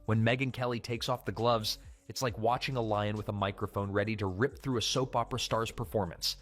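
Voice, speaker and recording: A man's voice: fairly low pitch, steady tone, brisk, fairly bright tone, faint music behind. Punchy male commentary narrator. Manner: punchy, dramatic delivery.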